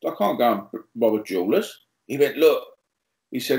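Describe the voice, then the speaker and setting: A man's voice: mid-range voice, a little fast, echoey room, rough recording. A male pastor, telling humorous stories as a podcast guest and acting out the dialogue. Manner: lively, jokey, acts out quoted dialogue. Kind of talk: humorous storytelling.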